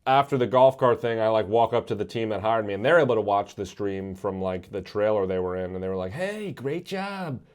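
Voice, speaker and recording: A man casually telling a comedic story about himself, wry and halting, with plenty of fillers. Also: lowish voice, fairly even intonation, a little mellow, clear, resonant tone.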